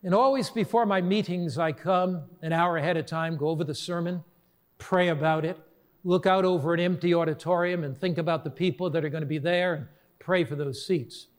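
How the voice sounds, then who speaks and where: Male pastor, middle-aged, fairly high voice, earnest sermon storytelling that slows down to land a point.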